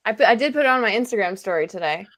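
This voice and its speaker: Woman, co-host, lively pitch, playful, casual chat. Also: racing. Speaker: podcast co-host.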